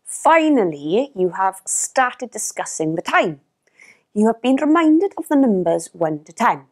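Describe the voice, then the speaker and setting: A woman teaching a language lesson in clear, careful narration, modelling each pronunciation. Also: medium pitch.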